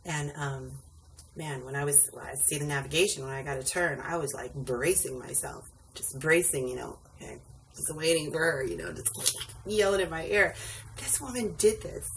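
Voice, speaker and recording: A woman's voice: low voice, animated, moderate pace, fairly bright tone. A woman rideshare driver telling a rambling story in a casual vlog, full of ums and asides, tired late at night. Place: indoors at home, sitting on a wobbly stool. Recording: distant mic with faint background noise.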